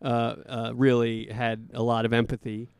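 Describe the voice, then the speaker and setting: A man's voice: mid-range voice, monotone, normal speed, clean tone, no room sound, clean studio sound. A man co-hosting a podcast in casual chat, playful and joking, teasing his partner. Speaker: podcast co-host.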